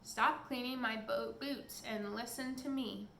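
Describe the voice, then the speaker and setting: Une femme qui joue un géant colérique qui hurle, dans une pièce qui résonne. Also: female voice, a little high, fairly even intonation, a little slow, creaky, a little hiss or hum, heavily acted. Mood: angry roaring. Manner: shouting, loud and blustering. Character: huge bad-tempered male giant, bellowing. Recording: echoey room.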